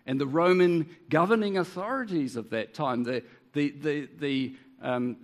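A man with a New Zealand accent preaching a sermon, earnest and full of rhetorical tag questions. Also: mid-range voice.

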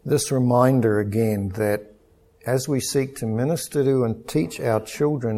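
Man preaching in a mellow voice. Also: medium pitch. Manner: earnest, measured preaching with storytelling. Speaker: pastor. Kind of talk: sermon.

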